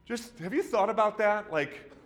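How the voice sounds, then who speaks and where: A male pastor in his thirties preaching a sermon, telling the story in an animated way, rising to loud excitement and dropping to hushed intensity. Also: high voice, moderate pace, in a large hall.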